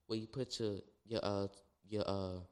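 A young man from New Orleans with a New Orleans accent, telling dance stories in animated casual chat. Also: normal speed, smooth. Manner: animated storyteller, acts out quotes in a high voice. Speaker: dancer guest.

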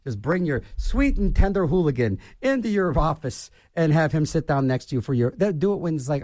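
A man's voice: a little high, sing-song, brisk, hardly any pauses, a little mellow, no echo, clean studio sound. A man hosting a radio show, rambling and ranting in a self-mocking way as he jumps from topic to topic. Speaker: radio DJ host. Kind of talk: rambling on-air monologue.

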